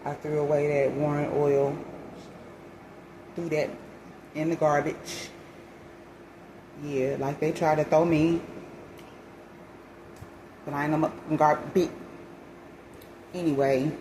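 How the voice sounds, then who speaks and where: A woman telling a story in a casual vlog, dramatic and animated, acting out what people said. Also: low voice, takes it slowly, long pauses. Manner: animated, dramatic retelling with quoted voices and religious exclamations. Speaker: vlogger. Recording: noisy background hiss.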